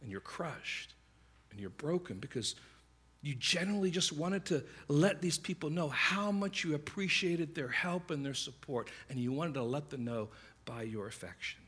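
A man's voice: fairly high pitch, slightly rough. A man preaching a sermon, telling stories in a conversational way and acting out the voices of the people in them. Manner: conversational, animated storytelling with quick asides; acts out quoted voices. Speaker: pastor.

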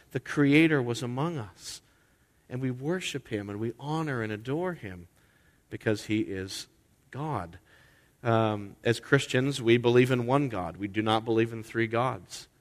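A man's voice: medium pitch, unhurried. A man preaching a sermon as head pastor during a worship service, talking conversationally and throwing in rhetorical questions and asides. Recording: long reverb of a large hall.

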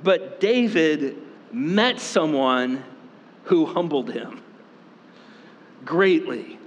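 A man preaching a sermon as pastor, talking casually with many fillers and quick asides. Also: a little high, expressive, highs cut off, a little hiss or hum. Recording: long reverb in a hall.

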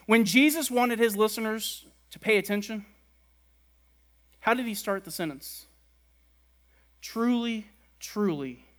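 Guy preaching, kinda high voice, punches words then drops soft. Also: normal speed, pauses often. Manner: emphatic, repeats words for stress, drops soft at ends. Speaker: pastor. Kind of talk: sermon.

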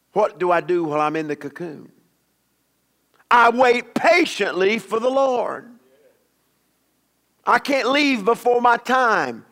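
A man preaches a sermon in a church, his voice sitting high for a man. He drives his points home by repeating key phrases with emphasis. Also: a bit bright. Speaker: pastor.

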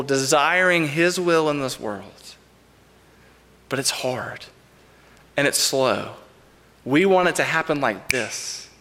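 A man's voice: medium pitch, a bit bright. Man preaching, reverberant sanctuary. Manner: earnest, measured preaching with repeated refrains. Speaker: pastor. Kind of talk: sermon. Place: church sanctuary.

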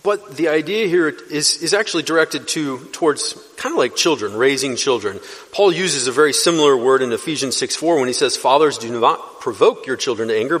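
A man preaching an expository sermon as pastor, teaching earnestly and lifting his voice to stress key words. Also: mid-range voice. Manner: earnest teaching, rising for emphasis. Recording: long reverb of a church hall.

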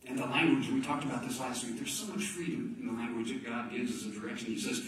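A man preaching a sermon as pastor, swinging from loud emphasis to hushed, near-whispered lines. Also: mid-range voice, brisk. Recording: echoey room from a distance, faint ambience.

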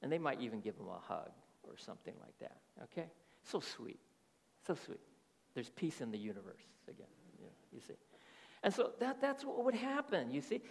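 A man's voice: mid-range voice, sing-song, a little fast, creaky. A middle-aged man preaching a sermon as pastor, often checking in with his listeners through rhetorical questions. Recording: reverberant hall.

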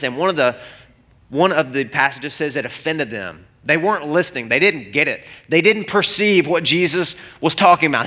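A man's voice: a little high, bright, forceful tone. A man preaching a sermon in an earnest, emphatic way, asking the listeners questions as he goes. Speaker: pastor.

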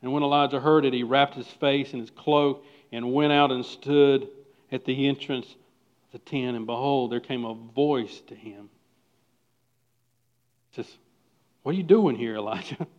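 A man preaching a sermon as pastor, swinging from loud emphatic lines to hushed, quiet ones. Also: mid-range voice, level tone, unhurried, long pauses, muffled recording.

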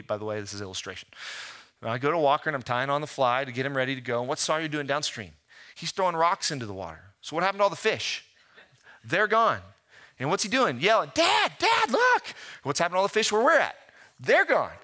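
A man in his thirties delivers a sermon in a bright, forward voice. He preaches with rhetorical questions and tells stories in a lively way. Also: medium pitch. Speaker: pastor.

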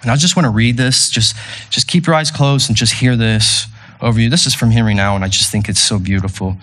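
A man's voice: medium pitch, brisk, a bit bright. A man preaching as pastor to a congregation in a church room, earnest and repeating his phrases with stumbling restarts as he leads communion and prayer. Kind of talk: sermon leading communion and prayer.

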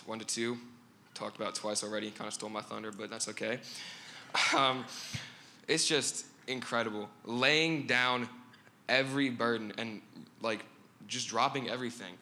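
Young man, testimony; earnest, bright forceful tone, faint background noise. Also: mid-range voice. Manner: earnest, with fillers and restarts. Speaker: church member sharing a testimony.

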